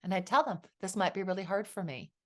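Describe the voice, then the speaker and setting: A woman's voice: medium pitch, fast. A middle-aged woman, a therapist guest on a podcast, telling stories and acting out the quotes. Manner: warm storytelling with acted quotes. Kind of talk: podcast conversation.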